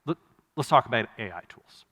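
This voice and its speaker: A man giving a live conference keynote, conversational and wry, with quick asides and self-corrections. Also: medium pitch, animated, pushed and bright, highs cut off. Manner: wry, laughs at his own jokes. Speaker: conference speaker. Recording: long hall reverb from a live venue.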